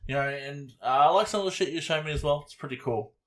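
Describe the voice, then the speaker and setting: A man's voice: fairly high pitch, fast talker, a bit bright. A man, co-hosting a podcast and reviewing an album in casual, rambling chat with casual swearing. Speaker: podcast co-host.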